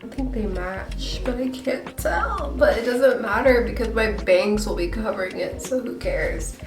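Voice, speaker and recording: This beauty vlogger's voice runs on the high side, animated yet measured in pace, with reverb, a distant mic, and music in the background. A young woman with a stuffy nose, she breathes hard while chatting through a casual get-ready-with-me video at home, apologetic and quick to poke fun at herself.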